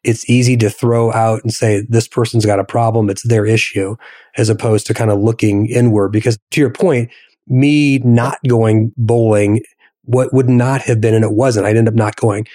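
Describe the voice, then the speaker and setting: Mellow thoughtful man, dry sound. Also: fairly low pitch, steady tone, normal speed, no room sound. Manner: thoughtful, restarts sentences. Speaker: podcast co-host. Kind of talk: reflective conversation.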